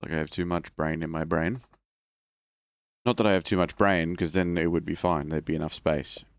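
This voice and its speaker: Low-voiced, rambling male game streamer. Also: fairly even intonation, moderate pace, dry recording, clean studio sound. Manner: rambling, self-mocking, chatty. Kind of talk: casual game-stream chat.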